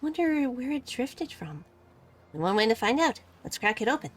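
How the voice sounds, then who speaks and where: A woman's voice: a little high, very animated, moderate pace. A woman reading aloud as a cheerful, curious young heroine from a game, in a raised, eager voice.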